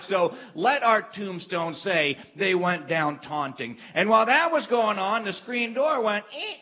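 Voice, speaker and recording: High-voiced man telling a comic story. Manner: animated, self-deprecating, shifts into character voices. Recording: dull lo-fi sound.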